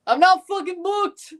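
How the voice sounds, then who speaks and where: A man putting on a bad Scottish accent as a shouting meme character, strained and high. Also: heavily acted. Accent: attempted Scottish.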